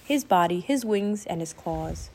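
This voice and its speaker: A woman's voice: on the low side, lively intonation, a little slow, heavy background noise. Woman reading a children's story aloud. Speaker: narrator. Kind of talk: audiobook narration of a children's novel.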